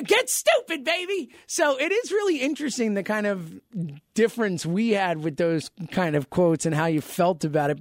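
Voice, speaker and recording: A man's voice: high-pitched, no room sound, clean studio sound. A man in his thirties co-hosting a sports podcast, talking in casual, teasing banter. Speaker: podcast co-host.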